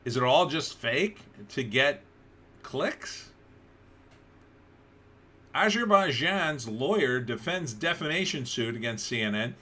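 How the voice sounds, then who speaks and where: A man's voice: medium pitch, animated, slow, pauses often, pushed and bright. A man hosting a casual livestream, commenting on news with sarcasm and rambling restarts. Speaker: livestream host.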